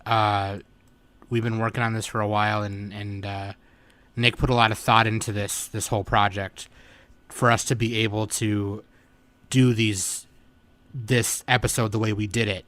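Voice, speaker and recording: A man's voice: fairly low pitch, level tone, normal speed, fairly bright tone, dry recording. A man hosting a casual anime podcast, laid-back and tired, with lots of fillers and swearing. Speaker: podcast host. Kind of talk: casual chat.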